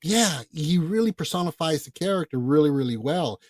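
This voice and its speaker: A man co-hosting a podcast, talking casually about films in a blunt, profane, animated way. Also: on the high side, a little fast, no room sound. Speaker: podcast co-host. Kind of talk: casual film chat.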